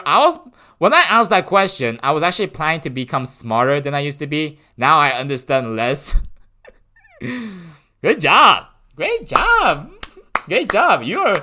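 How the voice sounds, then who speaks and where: A man's voice: a little high, bright, forceful tone. A man streaming live, chatting with his viewers in a playful, rambling way and laughing often. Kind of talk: casual live-stream chat.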